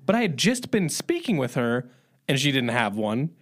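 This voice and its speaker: A man's voice: medium pitch, moderate pace. A young man from the US Midwest, co-hosting a podcast, chatting casually and reacting with amused disbelief. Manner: animated, incredulous. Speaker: podcast co-host. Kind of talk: casual chat.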